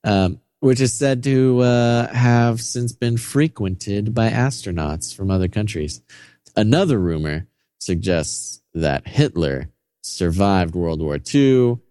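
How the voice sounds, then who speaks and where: Male podcast co-host, low and dark-toned, sarcastic and wry, dry studio sound. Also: takes it slowly, smooth, no echo. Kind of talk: casual conspiracy-theory chat.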